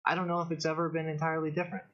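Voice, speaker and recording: A man's voice: a little high, little pitch movement. Rambling man hosting a lo-fi stream. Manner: rambling, halting, many restarts. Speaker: show host. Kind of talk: casual live-stream commentary.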